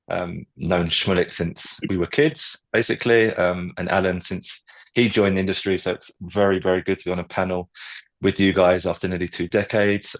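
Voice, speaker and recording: A man with a croaky early-morning voice, speaking as a panelist on an online panel in a relaxed, joking way. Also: low voice. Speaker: panelist, company CEO. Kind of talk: panel discussion. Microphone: video call.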